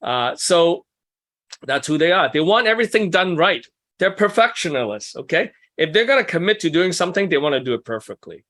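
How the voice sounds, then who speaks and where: Man workshop leader, somewhat high voice, chatty and self-deprecating, talking to a small group in a meeting room. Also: very animated, a little fast, fairly bright tone. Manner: conversational, asks the group questions, self-deprecating asides. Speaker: workshop leader for ministry couples. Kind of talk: casual teaching talk to a small group.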